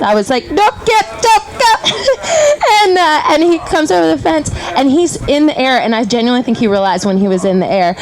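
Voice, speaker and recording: Woman event rider, lively, high-ish voice, quick laughter. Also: low-quality recording. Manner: animated, laughing storyteller. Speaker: event rider, interview guest. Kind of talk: casual storytelling chat.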